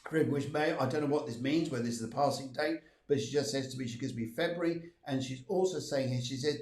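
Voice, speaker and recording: A man's voice: medium pitch, brisk, hardly any pauses, darkish tone, reverberant. A man hosting a live stream as a medium, relaying messages from spirits with many fillers and repeated phrases. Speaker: medium giving readings.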